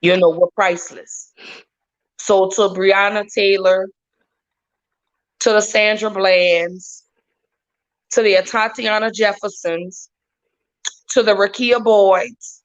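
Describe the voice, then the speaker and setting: A woman speaking as a guest on a casual podcast, earnest and emphatic, returning to the same words again and again. Her voice sits at a middling pitch. The audio is dull and lo-fi. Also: fairly even intonation, slow pace, pauses often. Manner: heartfelt, emphatic, repeats phrases.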